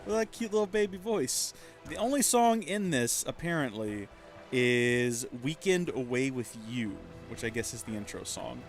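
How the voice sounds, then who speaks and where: A man's voice: medium pitch, expressive, measured pace, soft background music. A man in his thirties chatting casually as a streamer, rambling and poking fun at himself. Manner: chatty, rambling, self-mocking. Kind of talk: casual let's-play commentary.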